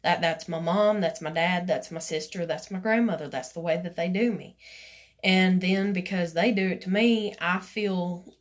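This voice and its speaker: A woman's voice: fairly low pitch, normal speed. Rambling woman telling her story. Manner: rambling, full of "you know" and "like", acts out others' lines. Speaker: vlogger. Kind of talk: casual personal storytelling.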